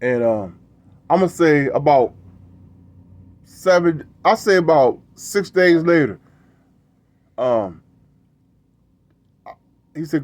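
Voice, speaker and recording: A man's voice: fairly high pitch, lively intonation, slow pace, pauses often, a little mellow, dry recording. A middle-aged man hosting a show, telling a casual story in a rambling way, repeating words and tagging lines with "right?". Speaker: show host.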